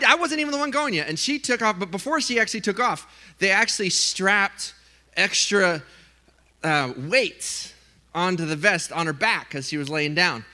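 A man preaching a sermon, telling a funny story with lively, animated delivery and acted-out voices. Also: high voice. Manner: animated storytelling, acts out his own scared voice. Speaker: pastor.

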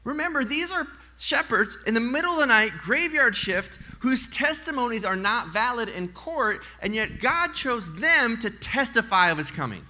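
Male pastor, sermon to a congregation, very bright tone, lively swinging pitch, joking asides. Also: normal speed, few pauses. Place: church in front of a congregation.

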